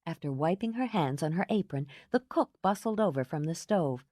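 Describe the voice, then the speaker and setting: A woman narrating an audiobook in an expressive storytelling manner. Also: on the low side, moderate pace, few pauses, no room sound, clean studio sound. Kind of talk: scripted narration.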